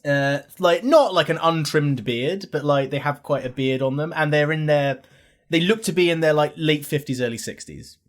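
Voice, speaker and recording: A man's voice: on the high side, moderate pace. A man acting as game master, narrating a tabletop game in a loose, casual way full of filler words.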